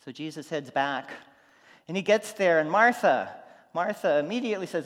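A man preaching a sermon, telling stories, going from loud and animated to quiet and soft. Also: fairly high pitch, normal speed, in a large hall. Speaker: pastor.

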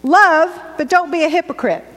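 A woman's voice: very high voice, normal speed, fairly bright tone. A middle-aged woman preacher giving a conversational, joking sermon in a church. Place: church sanctuary. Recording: echoey church hall.

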